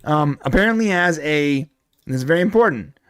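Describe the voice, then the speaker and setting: A man's voice: on the high side, animated, brisk, a bit bright, smooth, dry recording. Dry-sounding man chatting casually about TV. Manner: rambling, jokey, many restarts. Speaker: podcast co-host. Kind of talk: casual pop culture chat.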